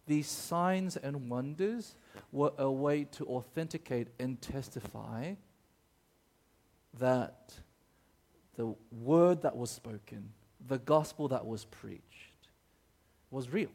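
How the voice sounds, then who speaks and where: A man's voice: mid-range voice, takes it slowly, pauses often, darkish tone. A man preaching a sermon in a conversational way. He often checks in with the audience and tells a personal story with plenty of fillers and restarts. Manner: many fillers and restarts when telling stories.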